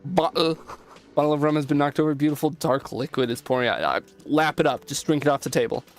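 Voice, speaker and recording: A man's voice: fairly high pitch, quick pace, soft background music. A young man streaming a game, reading the dialogue aloud and joking between lines. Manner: reads text aloud, jokes and comments between lines.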